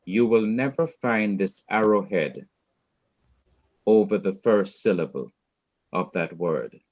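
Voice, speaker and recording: A man's voice: on the low side, darkish tone, dull audio. A man teaching a Hebrew class in a patient lecture style, repeating and rephrasing each point. He is heard over a video call.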